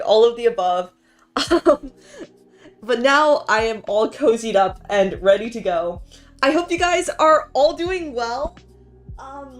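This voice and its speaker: Giggly woman streamer, kinda high voice, um and like everywhere, faint music behind her. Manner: bubbly, giggly, lots of "um" and "like". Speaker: streamer hosting a science stream. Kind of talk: casual chat. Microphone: home streaming mic.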